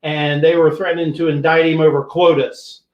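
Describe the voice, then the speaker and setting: An older man, a retired police sergeant, hosting a podcast and telling an animated, profane story that acts out what people said. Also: a little high, moderate pace, echoey room, muffled recording. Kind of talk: casual storytelling.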